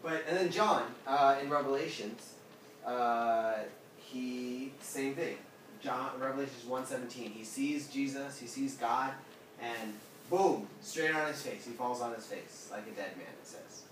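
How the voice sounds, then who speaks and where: Picked up by a distant mic in an echoey room with a little background noise, a pastor's mid-range, slightly slow voice carries a casual Bible lesson for a small group. He stays animated, quizzes the room, and performs quotes with big swings in tone.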